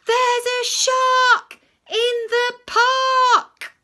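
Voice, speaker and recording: A woman voicing an excited little boy who shouts out loud in alarm. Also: very high voice, very slow, voice pushed up, exaggerated voice. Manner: shouting at full volume.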